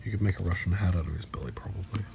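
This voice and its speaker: A man giving dry, deadpan replies in a casual chat while building something. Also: sits low, rapid-fire, gravelly, background noise.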